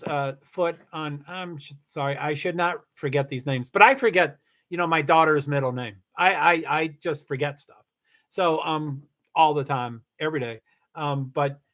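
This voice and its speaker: A middle-aged man hosts a livestream and reads the chat, his voice a little high and fairly bright. The talk is casual and rambling, with frequent restarts and the occasional swear word when he gets heated.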